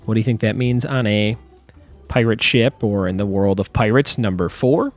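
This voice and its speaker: A man hosts a casual trivia podcast in a playful, jokey tone. He stretches out the quiz terms slowly and clearly, then riffs off-script. Faint music sits under his voice. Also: lowish voice.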